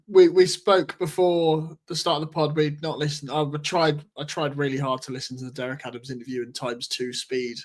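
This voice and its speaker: A male podcast host keeps the chat moving with a teasing edge. He passes listener questions to his co-hosts in a relaxed, conversational way. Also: a little high.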